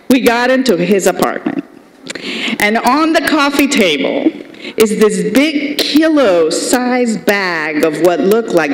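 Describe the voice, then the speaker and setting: A woman's voice: mid-range voice, a little hiss or hum. A middle-aged woman with a Colombian Spanish accent giving a commencement speech, telling funny stories from her student days. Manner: humorous anecdotal storytelling. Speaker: commencement speaker. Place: large ceremony hall. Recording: echoey hall with long reverb.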